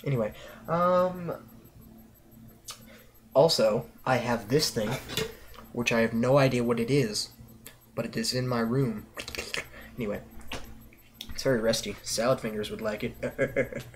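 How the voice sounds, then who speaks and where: Teenage guy, vlog host, rambling, self-deprecating jokes, drawn-out pauses, bedroom. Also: medium pitch, a little hiss or hum. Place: his bedroom.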